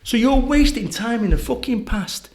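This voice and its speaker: A middle-aged man with a Northern English accent, a podcast guest telling stories in a blunt, swearing, animated way. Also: very high voice, normal speed. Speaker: podcast guest, motivational speaker. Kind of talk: casual conversational interview.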